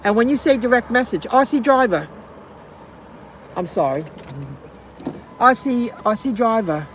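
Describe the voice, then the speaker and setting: A woman's voice: fairly high pitch, animated, unhurried. Middle-aged lady rambling into her phone in a parked car, faint traffic outside, repeats herself a lot. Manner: rambling, repeats phrases, answers viewer chat. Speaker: delivery driver live streamer. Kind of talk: casual live-stream chat.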